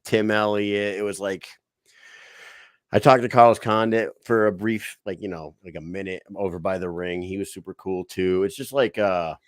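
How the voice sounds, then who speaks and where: A low-pitched man co-hosting a casual podcast, spinning an animated story and swearing freely. He slips into quick impressions of the people he quotes. The sound is close and dry, with no room around it. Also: dry recording. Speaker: podcast co-host. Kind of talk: casual chat.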